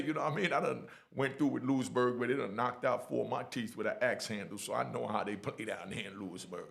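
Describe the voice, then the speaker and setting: A middle-aged man telling his own prison stories in blunt, lively street talk, often asking "you know what I mean". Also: medium pitch, quick pace, gravelly. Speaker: storyteller sharing prison stories. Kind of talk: casual storytelling.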